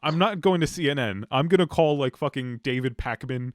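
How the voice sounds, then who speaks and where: A young man trades loose, profane jokes on a podcast, slipping into mocking voices now and then. His pitch sits mid-range, and the sound is dry and close to the mic. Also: brisk, dry recording. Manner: jokey, profane, does mocking voices of politicians. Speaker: podcast co-host. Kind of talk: casual banter.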